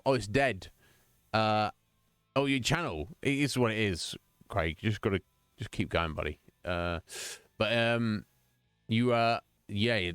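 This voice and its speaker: A man's voice: fairly low pitch, a bit bright, clear, resonant tone, no room sound. A man streaming live, chatting casually and jokingly with his viewers in a rambling way. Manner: rambling, jokey, chatty, addresses viewers by name.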